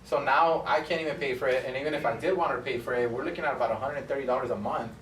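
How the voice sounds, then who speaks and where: A man's voice: mid-range voice, fairly even intonation, very fast, fairly bright tone, slight background noise. A man who owns a barbershop teaches a class in a casual, chatty way and acts out both sides of his stories. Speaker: barbershop owner teaching students. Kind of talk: casual classroom talk with anecdotes. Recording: echoey room from a distance.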